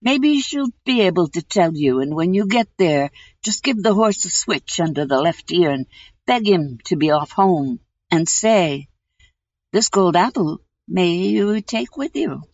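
A woman's voice: on the low side, expressive, measured pace, darkish tone, no room sound. A woman voicing a blunt, knowing old hag in a fairy-tale reading. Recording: dull lo-fi recording.

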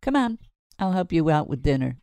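A woman's voice: low voice, sing-song, a little fast, warm tone, dry recording. A woman voicing a hearty, joking father who teases his wife and son. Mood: teasing. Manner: jovial, teasing.

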